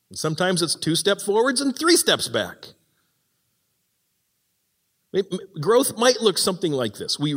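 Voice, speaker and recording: A man with a high voice preaches a sermon in a church, and his words ring out with a long hall reverb. He talks in an animated way and acts out the voices of the people he quotes. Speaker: pastor.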